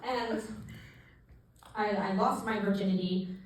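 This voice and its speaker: A young woman doing stand-up, telling a self-mocking story in a deadpan way with pauses. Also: medium pitch. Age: young adult. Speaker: stand-up comedian. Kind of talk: stand-up set. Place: small theater stage with live audience. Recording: echoey room, distant mic, audible noise.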